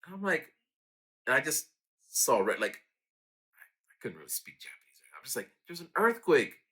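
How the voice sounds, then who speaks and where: A man telling casual stories about his own raps, lively and acting out sounds and quotes. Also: mid-range voice, moderate pace, breathy edge. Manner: animated, acts out quotes and sound effects. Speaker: rapper talking about his own songs. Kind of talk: casual storytelling.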